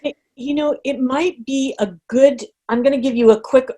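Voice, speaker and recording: A middle-aged woman leading an online group coaching call, talking in an animated way and acting out inner reactions. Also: high-pitched, normal speed. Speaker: coach running a group session. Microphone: video call.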